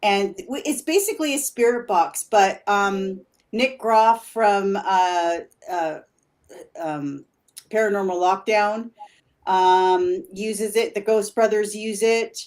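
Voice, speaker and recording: A woman paranormal investigator chats as a guest on a casual show. Her voice sits at an everyday middle pitch. She wanders through her points with many ums and restarts, and she laughs readily. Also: a little mellow. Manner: rambling, halting with many fillers; laughs easily. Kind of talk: casual interview chat.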